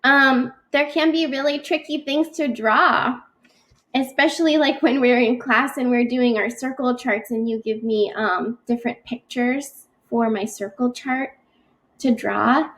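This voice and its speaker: Woman, high voice, teacher of young kids, slow and patient, sounds out words carefully. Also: steady tone, a bit bright. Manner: stretches words out slowly when sounding them out; encouraging, patient. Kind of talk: slow, gentle classroom instruction for young children.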